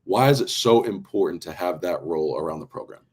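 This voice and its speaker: A male podcast host with a low, slightly husky voice asks long, earnest questions. He builds each question carefully before handing it over to his guest. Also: expressive, a little fast. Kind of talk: interview questions.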